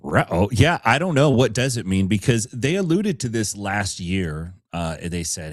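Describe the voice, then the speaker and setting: A man's voice: fairly low pitch, sing-song, moderate pace, few pauses, dry recording, studio quality. A man co-hosting a casual grappling podcast as a coach, talking in a wry, laid-back way and laughing as he goes.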